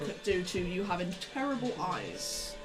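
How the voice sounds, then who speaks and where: A woman's voice: lowish voice, moderate pace. Woman game master over background music. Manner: relaxed, explains rules patiently with small restarts. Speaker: dungeon master. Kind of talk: running a tabletop game session. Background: music playing in the background.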